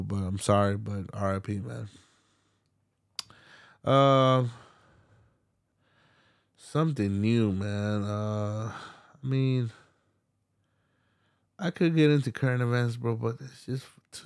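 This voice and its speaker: A young man hosting a solo podcast, talking in a laid-back, slangy, heavily swearing way and getting animated when he retells movie scenes. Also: lowish voice, no room sound, clean studio sound. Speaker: podcast host. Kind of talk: casual solo podcast rant.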